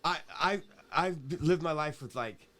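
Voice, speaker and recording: Man, podcast guest, higher-pitched voice, rambling, profane, casual storytelling. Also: moderate pace, pushed and bright. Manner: rambling, profane, keeps asking "right?".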